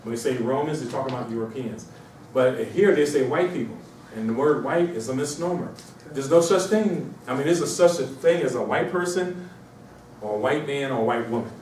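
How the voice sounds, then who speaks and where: A man from Mauritania giving an informal, animated lecture to a small audience, repeating himself and slipping into mocking voices. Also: medium pitch, brisk, a little hiss or hum. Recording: echoey room, distant mic.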